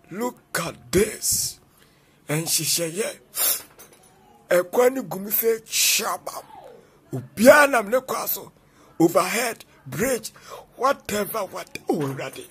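A man giving excited reaction commentary, exclaiming and repeating calls to God, sometimes half-singing. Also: sits high, unhurried, pauses often, breathy edge.

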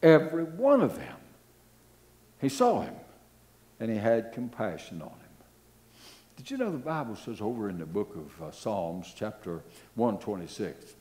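A man's voice: lowish voice, normal speed. An older man preaching a sermon as pastor, telling stories with repeated phrases and hesitant fillers. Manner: animated, repetitive, fillers, storytelling.

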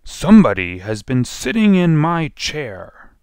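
A man voicing a huge father bear with a rough, gruff voice in a storybook reading. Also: a little high, very animated, measured pace, darkish tone, no echo, studio quality, voice pushed up. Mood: indignant.

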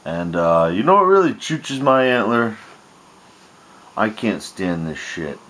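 A man rants into his home camera, swearing freely and sounding thoroughly exasperated. His pitch swings widely between grumbling lows and indignant highs, and he restarts his sentences often. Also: big pitch swings, slow pace, a bit bright, a little hiss or hum. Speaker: vlogger. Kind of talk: home video rant.

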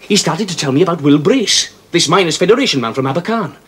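An actor with a Welsh accent playing a blunt but affectionate miner husband in a 1970s television drama. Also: male voice, on the high side, expressive, quick pace, fairly bright tone, full character voice. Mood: chatty. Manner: rough, chatty, affectionate. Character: blunt, fond Welsh miner, adult man.

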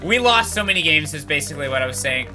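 A man's voice: fairly high pitch, quick pace. A young man hosting a let's play, chatting casually and yelping when things go wrong in the game. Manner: excitable, yelps at game events. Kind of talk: casual gameplay banter. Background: game music.

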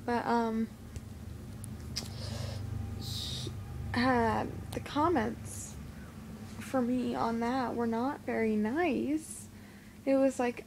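Teen girl vlogger, lisp, hesitant and unhurried, phone recording. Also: fairly high pitch, steady tone, a little mellow, slight background noise. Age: teens. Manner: hesitant, halting with many fillers. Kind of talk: casual vlog talk to camera. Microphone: phone camera.

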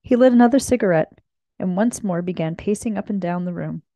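A woman reading a classic mystery novel aloud with steady storytelling narration. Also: on the low side, brisk, no echo. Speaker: reader.

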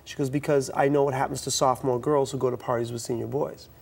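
A middle-aged man from the US East Coast tells stories in a talk-show interview, and his voice has a gravelly texture. His pitch sits in the ordinary middle range for a man. He talks animatedly, restarts his sentences often, and acts out the lines of the people in his stories. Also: fast. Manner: animated, acts out quoted dialogue, frequent restarts. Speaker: youth speaker.

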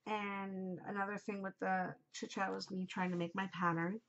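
On her podcast, a middle-aged host chats casually, emotional and effusive, with frequent little tangents. Her mid-pitched voice is gravelly and fairly bright, moves little in pitch and keeps a moderate pace. The muffled, lo-fi sound suggests she records at home.

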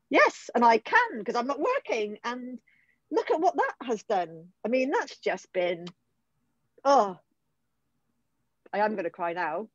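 A middle-aged woman with a British accent, speaking from the heart in an emotional, halting way, pausing and restarting as she opens up. Her voice sits at an ordinary pitch. It comes through a slightly dull, muffled online call with no room echo. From United Kingdom. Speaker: guest. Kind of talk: personal recovery story in conversation.

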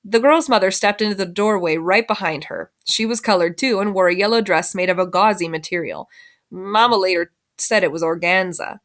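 Woman, teacher, reading a novel aloud, expressive, voices each character. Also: mid-range voice.

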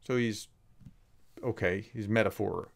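A man's voice: on the low side, measured pace, vocal fry. A man, a professor, giving casual video commentary on a clip, conversational with sarcastic, emphatic rises. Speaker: professor explaining war context.

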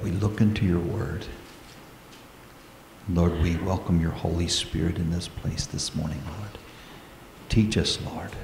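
Male pastor, low voice, slow deliberate sermon delivery, reverberant sanctuary sound. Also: creaky, a little mellow, a little hiss or hum. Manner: earnest, slow preaching with prayerful pauses. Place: church sanctuary. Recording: echoey church hall.

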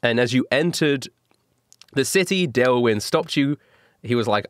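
A man's voice: mid-range voice, expressive, unhurried, no room sound, clean studio sound. A man running a tabletop game as game master, recapping events in a casual, laughing way with fillers.

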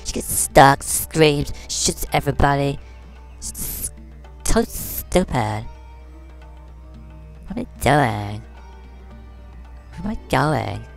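A woman's voice: rumbling low, animated, takes it slowly, creaky, long pauses, soft background music, heavily acted. A woman voicing a vain, catty fashion doll who talks in valley-girl slang and brags while commenting on a game. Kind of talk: comedic game commentary in character.

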